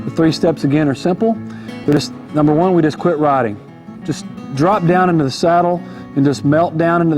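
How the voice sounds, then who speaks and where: Man, riding instructor, folksy and relaxed, a touch high-voiced, guitar music underneath. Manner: easygoing, folksy, repeats key points. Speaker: horse trainer. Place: outdoor arena on horseback. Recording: music playing behind.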